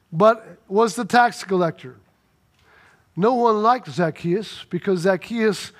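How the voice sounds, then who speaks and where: A man preaching a sermon, retelling a story in an animated, conversational way. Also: high-pitched. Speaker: pastor.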